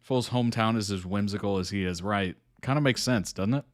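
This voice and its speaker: A man's voice: on the low side, fairly quick. A man hosting a reaction video, making amazed, chuckling asides. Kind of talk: casual reaction commentary.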